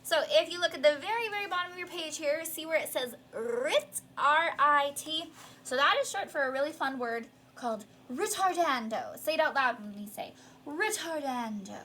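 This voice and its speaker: High-voiced patient piano teacher. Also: female voice, expressive, moderate pace, pushed and bright, slight background noise. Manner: encouraging, patient, explains step by step. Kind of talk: online piano lesson.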